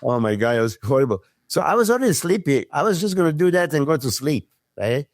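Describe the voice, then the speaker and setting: A man, a podcast guest telling stories in casual chat, animated, swearing freely and acting out what others said. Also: a little high, fast talker, no echo, clean studio sound. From Serbia. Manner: animated storyteller who swears freely and acts out quotes. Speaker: podcast guest, former pro bodybuilder.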